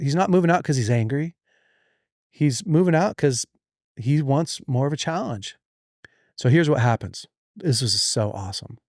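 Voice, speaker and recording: A man's voice: mid-range voice, dry recording, clean studio sound. A man in his forties, host of a podcast, telling a long family story in casual chat and acting out the people he quotes. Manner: animated, acts out quoted voices.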